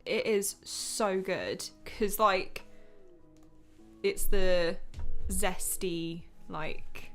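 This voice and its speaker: A woman's voice: medium pitch, drawn-out words, a bit bright, soft background music. A young woman co-hosting a casual radio chat, giggly and enthusiastic. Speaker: radio co-host.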